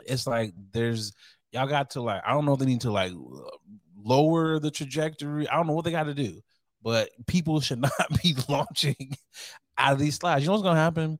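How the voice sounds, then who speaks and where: A man's voice: medium pitch, moderate pace, no room sound, clean studio sound. A man co-hosting a casual podcast, joking and laughing often, with rambling asides. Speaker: podcast co-host.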